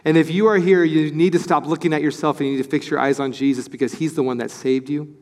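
Pastor, male, high voice, lively sermon delivery, long church reverb. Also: quick pace. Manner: animated, acts out quoted voices, excited.

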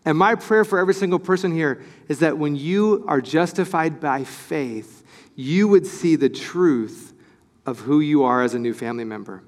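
High-pitched guy preaching, animated and excited, big echoey church hall. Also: normal speed. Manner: animated, acts out quoted voices, excited. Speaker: pastor. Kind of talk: sermon.

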